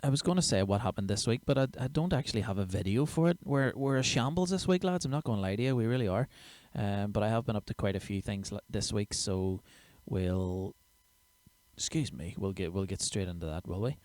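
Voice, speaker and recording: A man's voice: lowish voice, lively intonation, brisk, darkish tone, no echo. A man, a comedian chatting casually and sweary on his own livestream show. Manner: chatty, sweary, self-mocking. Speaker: comedian and podcast host.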